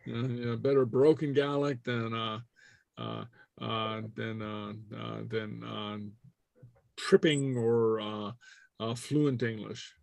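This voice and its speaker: A man leads a relaxed class, stopping often on "uh" and chuckling between his points. His voice sits in a middle range and sounds dry and close to the mic, with no room around it. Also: mid-range voice, slow, gravelly, dry recording. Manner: hesitant, many fillers and chuckles. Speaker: Gaelic teacher. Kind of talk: casual online class.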